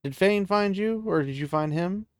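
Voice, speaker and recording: A man voicing a serene, composed female sorceress in a casually retold fantasy story, speaking in a calm, measured way. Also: high voice, clear, resonant tone, dry recording, studio quality, voice pushed up, lightly acted.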